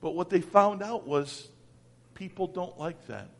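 A man with a high voice preaching slowly and deliberately, his sermon swinging between ringing calls and hushed near-whispers. His words carry a long reverb from a large church hall. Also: animated, creaky. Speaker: pastor.

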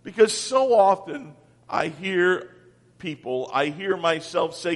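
A man with a high voice preaching slowly and deliberately, his sermon swinging between ringing calls and hushed near-whispers. His words carry a long reverb from a large church hall. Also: animated. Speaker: pastor.

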